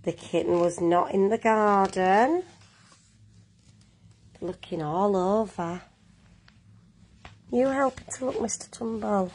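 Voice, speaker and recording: A woman reading a children's picture book aloud at a slow, careful pace. Her voice is husky and breathy, gentle, and she turns now and then to the young listeners. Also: medium pitch. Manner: gentle, with asides to young viewers. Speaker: storyteller.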